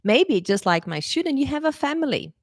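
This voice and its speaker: A woman teacher speaking straight to her students in an animated, coaxing way, her pitch jumping high for emphasis. The sound is close and dry, with no room around it. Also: fairly quick, dry recording. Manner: lively, animated, coaxing, repeats "okay?" and "right?". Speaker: English teacher. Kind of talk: casual talk to camera.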